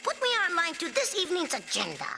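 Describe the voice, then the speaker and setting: A woman's voice: extremely high pitch, wildly swooping pitch, fast talker, gravelly, exaggerated voice. A woman voicing a bossy genius little boy scientist in a cartoon, with a clipped, commanding and theatrical manner. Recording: cartoon audio under loud music.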